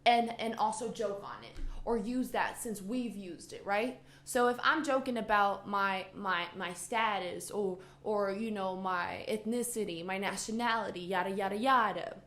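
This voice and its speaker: A podcast co-host whose native language is Spanish chats casually and rants heatedly, swearing a lot. Her medium-pitched voice is a bit bright, at normal speed with hardly any pauses, and the recording has a roomy echo.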